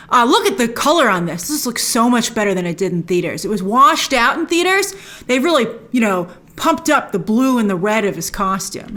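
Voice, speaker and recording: On her trailer review show, a woman chats her way through a casual breakdown, tossing in playful, excited asides. She speaks a little high with a slightly bright tone.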